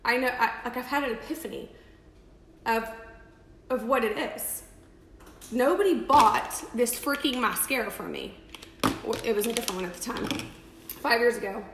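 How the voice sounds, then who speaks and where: A woman's voice: fairly high pitch, normal speed, long pauses, a bit bright, reverberant, a little hiss or hum, poor audio. A woman, rambling and emphatic in a casual live video, full of restarts and "like". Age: 30s. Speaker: makeup seller on a live video. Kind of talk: casual live-stream talk.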